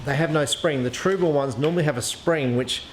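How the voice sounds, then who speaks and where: A man's voice: a little high, brisk. Man, casual gear review, hesitant, lots of ums, echoey room, faint background noise. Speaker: archery equipment reviewer. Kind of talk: casual product review, thinking aloud.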